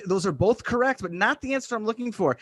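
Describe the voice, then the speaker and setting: A man from Western Massachusetts doing a deadpan, self-deprecating stand-up set over a video call. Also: high voice, fairly quick. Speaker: stand-up comedian.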